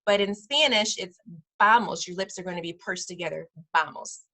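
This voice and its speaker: A woman who runs a preschool, teaching parents over a video call, slowly modeling sounds and repeating each word. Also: lowish voice, lively intonation, sharp tone. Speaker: preschool director teaching a parent Spanish class. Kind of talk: online class instruction.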